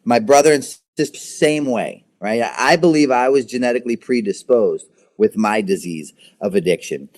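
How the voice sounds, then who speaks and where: A man's voice: medium pitch, animated, darkish tone. A man in his thirties, a guest in an interview, telling his own story frankly, often stumbling over repeated words before driving a point home. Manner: halting, repeats words, then intense and emphatic.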